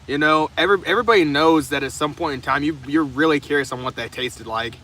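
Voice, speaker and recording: A man's voice: a little high, fast, bright, forceful tone. A young man live streaming from the open trunk of his car in the rain. He chats casually with viewers in a profane, rambling way, often stumbling and restarting his sentences. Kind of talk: casual chat answering viewers' comments. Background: faint rain and passing traffic.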